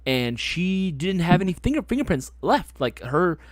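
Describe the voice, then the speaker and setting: A man hosting a casual stream, his fairly high voice swinging widely up and down as he tells stories. He swears freely and laughs a lot. The sound is dry and close. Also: normal speed, no echo. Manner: animated storyteller, swears freely, laughs often. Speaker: host. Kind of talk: casual chat on a live stream.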